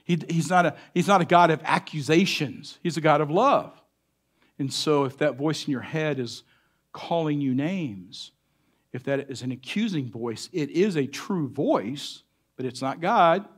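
A man giving a sermon as a church pastor, earnest, with deliberate pauses and shifting loudness for emphasis. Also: on the high side, expressive.

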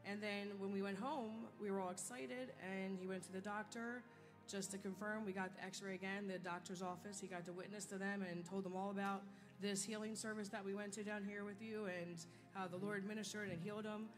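A woman's voice: mid-range voice, fairly even intonation, fairly quick, poor audio. A woman visiting a church meeting, telling a healing testimony in an earnest, plain way. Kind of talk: spoken testimony. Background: music playing.

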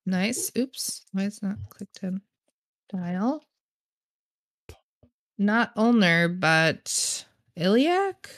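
A woman's voice: medium pitch, lively intonation, drawn-out words, pauses often. A woman co-hosting a livestream, thinking aloud and trying word guesses while solving a crossword. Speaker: streamer co-host.

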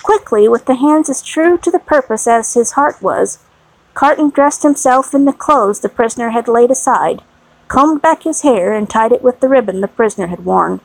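A woman narrating a classic novel in a measured, even reading style with a slightly gravelly voice. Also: fairly high pitch, no echo, rough recording. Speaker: audiobook narrator.

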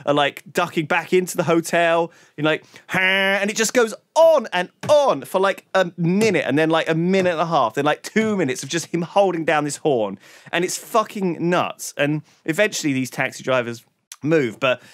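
A man's voice: on the high side, lively intonation, moderate pace, fairly bright tone, dry recording. A man co-hosting a podcast, telling a long story in casual chat and swearing freely. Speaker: podcast co-host.

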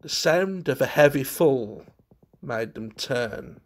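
A man reading a ghost story aloud as narrator in a measured, expressive way. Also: medium pitch.

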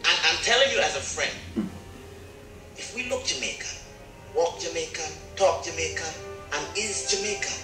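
A man's voice: on the high side, expressive, normal speed, long pauses, bright, forceful tone, far from the mic. A man playing a proud, stubborn bobsledder who argues about keeping his own style, heard in an echoey movie clip with music. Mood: insistent. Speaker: movie character.

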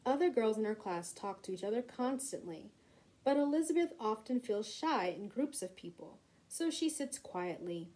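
Woman, storybook reader, gentle expressive delivery, slightly high, soft warm tone. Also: normal speed, poor audio. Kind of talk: children's storybook read-aloud.

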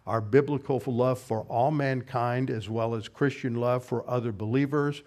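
A man preaching an expository sermon, methodically explaining verses and Greek grammar and slowing down to stress key words. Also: mid-range voice, steady tone, a little mellow. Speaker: pastor. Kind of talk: expository Bible teaching sermon.

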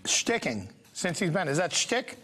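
A man's voice: high voice, sing-song, unhurried, bright, forceful tone, husky, faint music behind. A male talk show host prompting his guest with short interjections.

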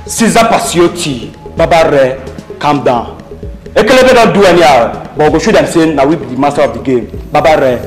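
A man's voice: fairly high pitch, expressive, fairly quick, reverberant, over music, natural voice. An actor with a Nigerian accent playing a gang member who soothes his boss in pidgin. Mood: soothing. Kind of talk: Nollywood film acting.

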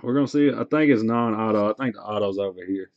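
A man's voice: lowish voice, fast, no echo. A man hosting a card break stream, chatting casually and teasing viewers in a joking storytelling way. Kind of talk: casual livestream chat. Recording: dull, slightly noisy stream audio.

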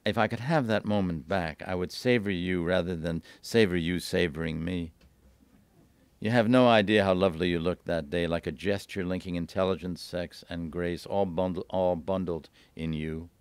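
A man reading aloud from his own novel at a bookstore event, lively, lifting his voice for the dialogue. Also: dry recording. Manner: lively, voices the dialogue with raised pitch and quick asides.

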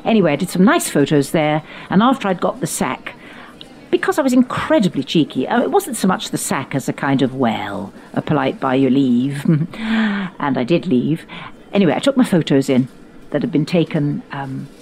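An older English woman reminisces with theatrical flair, dropping her voice low for asides and lifting it for quoted lines. Her tone sits a little low, and a faint hiss lies under the recording. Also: moderate pace. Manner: animated storyteller, theatrical quoted voices, frequent laughs. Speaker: podcast host recalling her youth. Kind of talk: reminiscing conversation.

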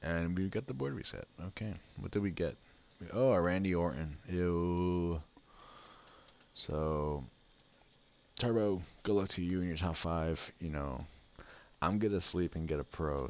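A man with a very deep, low voice gives casual play-by-play of a mobile card game. He grumbles and complains about his luck as he plays, in an easygoing, off-the-cuff way. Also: normal speed. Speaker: gaming channel host.

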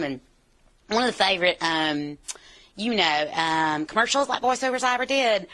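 Give me an animated woman from the US, chatting in an interview with a bright, forward voice. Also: fairly low pitch, normal speed. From United States. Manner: animated, playful, slips into accents. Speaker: actress. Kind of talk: casual interview.

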